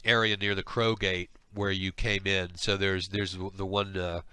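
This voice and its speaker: A man narrating a tabletop game as game master, stumbling along with plenty of "uh"s as he thinks aloud. His voice is bright and forward, recorded dry and close with no room sound. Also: low-pitched, flat delivery, unhurried, smooth, dry recording. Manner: rambling, hesitant, lots of uh.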